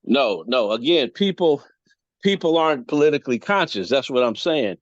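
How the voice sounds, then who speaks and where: A man's voice: medium pitch, expressive, normal speed, no room sound. A man speaking as a panel guest, lecturing and listing examples one after another. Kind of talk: casual panel discussion. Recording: dull dry audio.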